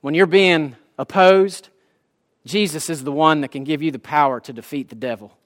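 High-voiced preacher man. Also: normal speed. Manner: impassioned, folksy preaching. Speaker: pastor. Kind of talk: sermon.

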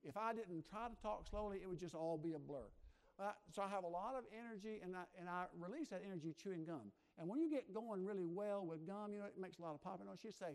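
A pastor in his sixties delivering a Sunday sermon from the pulpit. His voice sits high for a man, and he talks with restless energy, racing through asides and then slowing down and growing quiet for heartfelt moments before rising again into forceful preaching. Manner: energetic, fast-talking preacher who swings from soft reflection to loud exhortation. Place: church sanctuary.

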